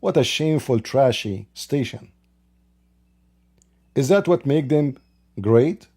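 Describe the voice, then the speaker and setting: Scornful man with a dark voice. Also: medium pitch, lively intonation, takes it slowly, slightly rough. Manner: emphatic, scornful, repeats rhetorical questions. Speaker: online commentator. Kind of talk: opinionated commentary monologue.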